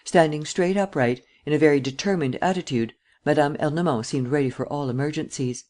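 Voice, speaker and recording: A man reads a classic mystery aloud as an audiobook narrator. His delivery is steady and even. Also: fairly high pitch, brisk, few pauses.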